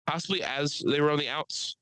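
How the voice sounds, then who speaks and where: A man co-hosting a podcast in casual chat, an animated, profane storyteller. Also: fairly high pitch, a little fast, clean tone, no echo, poor audio. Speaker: podcast co-host.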